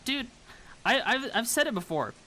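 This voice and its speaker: Bright-voiced chatty woman streamer. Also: on the high side, very animated, moderate pace. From American South. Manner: rambling, chatty, talks to viewers. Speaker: VTuber streamer. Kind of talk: casual chat while building a model kit.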